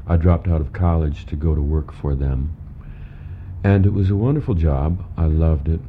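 A man recalling his early working life in a hotel room, with a measured, halting delivery. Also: extremely low pitch, phone-quality sound. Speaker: radio humorist, interview guest. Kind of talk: reflective reminiscence in an interview. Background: traffic noise outside.

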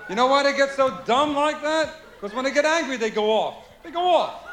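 A man's voice: very high voice, lively intonation, brisk, a bit bright. A male stand-up comedian performing a routine on a live stage, firing rhetorical questions at the audience. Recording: echoey live venue with crowd noise.

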